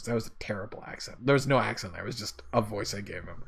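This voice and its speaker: A man's voice: fairly low pitch, fast, gravelly, fairly bright tone, breathy edge. A man casually commenting on a game he plays, chatty and laughing at himself. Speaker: let's play host.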